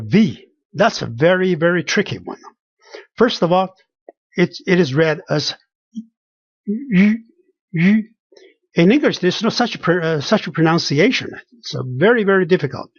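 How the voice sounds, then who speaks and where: Slow pronunciation teacher, repeats sounds patiently, dull lo-fi dry recording. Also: mid-range voice, husky, no room sound. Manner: repeats each sound slowly, many restarts. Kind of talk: pronunciation lesson with spoken examples.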